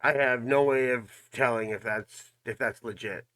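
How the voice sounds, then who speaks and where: Emphatic male reaction host with a bright voice, speaking to his viewers. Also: mid-range voice, steady tone, normal speed. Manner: emphatic, asks the audience questions. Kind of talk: casual commentary.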